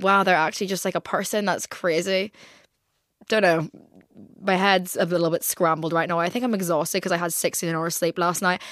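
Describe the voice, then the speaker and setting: A woman's voice: medium pitch, no echo. Rambling young Englishwoman, dry close sound. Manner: rambling, heavy use of "like". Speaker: podcast host. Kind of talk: casual chat.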